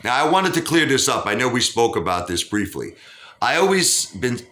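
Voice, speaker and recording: A man's voice: mid-range voice, sing-song, normal speed, noisy background. A man from Brooklyn, hosting a casual interview and rambling with lots of "you know". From Brooklyn, New York. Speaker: host.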